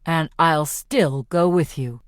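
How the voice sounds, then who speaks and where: A woman reading the part of a devoted young man in an audiobook, her voice dropped a little lower and kept calm and plain-spoken. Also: takes it slowly, no echo, studio quality. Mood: steady.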